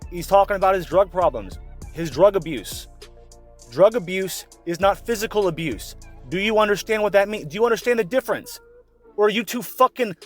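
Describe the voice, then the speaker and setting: A man's voice: high voice, expressive, a little fast, faint music behind. A man ranting sarcastically in an online commentary video, exasperated and swearing often. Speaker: commentary vlogger.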